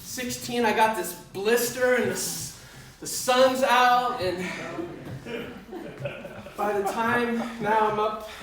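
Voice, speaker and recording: A man performing a personal story on stage at a live storytelling show, animated and self-mocking, swearing freely. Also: very high-pitched, slow, a crowd in the background. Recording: echoey hall, voice from far off.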